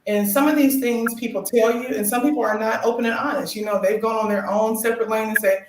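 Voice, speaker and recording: A woman's voice: on the high side, quick pace, few pauses. A middle-aged woman guest on a talk show, telling her story expressively and acting out quotes. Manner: expressive, acts out quotes, laughs. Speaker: guest, new doctorate holder. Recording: roomy echo with faint noise.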